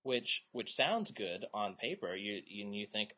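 A man's voice: lowish voice, lively intonation, normal speed, hardly any pauses, sharp tone. A man in his thirties co-hosting a casual podcast, rambling and joking, now and then slipping into silly voices. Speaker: podcast co-host.

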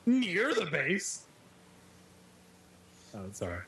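A man's voice: high voice, wildly swooping pitch, creaky, pushed and bright, breathy edge. A man from California co-hosting a podcast, joking and teasing in casual chat. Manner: joking, quick to tease.

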